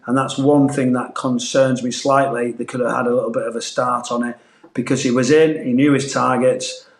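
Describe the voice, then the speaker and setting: A man's voice: mid-range voice, flat delivery, normal speed. Northern English man in an echoey room. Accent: Manchester-tinged English. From Northeast England. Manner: earnest, rambling with restarts. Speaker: pundit, former footballer. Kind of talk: casual podcast chat.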